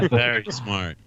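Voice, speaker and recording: A man's voice: mid-range voice, a bit bright, a little hiss or hum. A man in casual podcast banter, making crude, teasing jokes.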